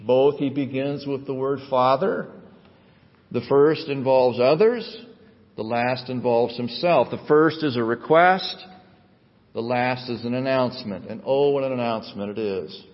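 A male pastor preaches at a middle pitch, letting his phrases climb and press for emphasis before settling back into steady teaching. The recording is muffled and dull, and his voice trails off into a long hall reverb. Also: measured pace. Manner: preaching with rising emphatic cadence. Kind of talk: sermon.

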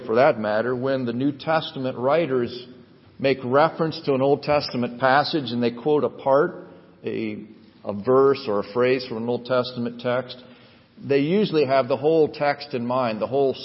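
A male pastor preaches at a middle pitch, letting his phrases climb and press for emphasis before settling back into steady teaching. The recording is muffled and dull, and his voice trails off into a long hall reverb. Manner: preaching with rising emphatic cadence. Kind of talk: sermon.

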